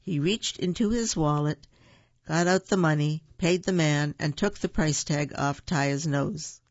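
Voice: medium pitch, unhurried, no room sound. A storyteller reading a children's picture book aloud, with playful asides, in a dull lo-fi recording.

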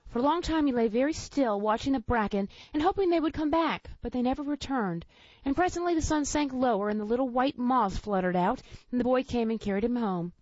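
A woman reading a children's storybook aloud in a gentle, expressive way. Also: fairly high pitch, fairly quick, dry recording, muffled recording.

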